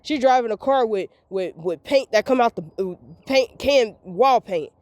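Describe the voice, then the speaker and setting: A woman's voice: a little high, expressive, normal speed, a little mellow, no room sound. A woman, venting in a rambling, repetitive, emphatic monologue recorded as a voice memo. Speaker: vlogger.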